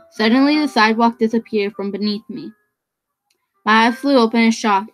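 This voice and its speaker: Higher-voiced woman reading a novel aloud. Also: low-quality recording. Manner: stumbling over words, restarting phrases. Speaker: reader.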